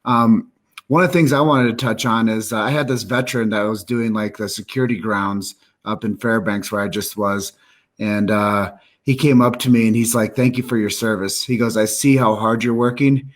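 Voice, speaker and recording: Speaking at normal speed in a lowish, steady voice, this man hosts a live stream. His casual chat is earnest and upbeat, aimed straight at his viewers.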